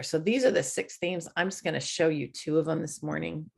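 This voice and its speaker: Lady giving a chatty sermon, kinda low voice with some fry in it. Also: fairly even intonation, normal speed. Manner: conversational, laughs easily. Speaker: church speaker.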